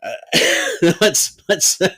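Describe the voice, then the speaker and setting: A man's voice: sits high, huge pitch swings, very slow, bright, forceful tone, husky, no echo. A man co-hosting a podcast, reviewing a film in a rambling, swearing, casual chat. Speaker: podcast co-host.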